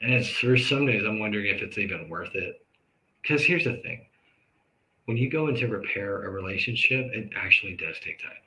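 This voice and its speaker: Guy hosting a live show, talking straight from the heart, real bright voice, gets loud out of nowhere. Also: on the low side, expressive, rough recording. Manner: earnest, conversational, with sudden loud outbursts and quick asides. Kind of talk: candid talk to camera about grief and forgiveness.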